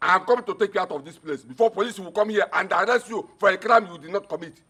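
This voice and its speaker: Sneering man, husky and quick, kinda high pitched. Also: bright, forceful tone, heavily acted. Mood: scornful. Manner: sneering, dismissive. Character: scornful pushy man, mocking and stubborn. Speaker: relative come to take her home. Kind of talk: film drama acting.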